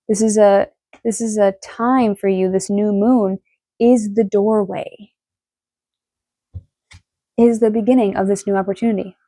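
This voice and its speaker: Excitable, swearing woman tarot reader. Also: medium pitch, dry recording. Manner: excitable, emotional, swears freely. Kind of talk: casual tarot reading.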